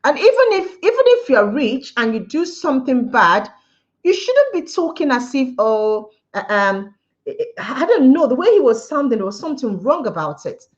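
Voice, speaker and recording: Woman ranting on her live stream, pitch up a bit, keeps repeating herself, kinda muffled audio. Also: big pitch swings, moderate pace. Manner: emphatic, opinionated, repeats points, chats with viewers. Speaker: livestream host. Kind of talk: casual live-stream commentary.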